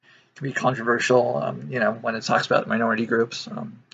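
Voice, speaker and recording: A man's voice: medium pitch, little pitch movement, a little fast, gravelly, fairly bright tone, breathy edge, highs cut off. An American man in his twenties to thirties, talking casually to camera, rambling with many fillers and restarts. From United States. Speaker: video host. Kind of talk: casual opinion monologue.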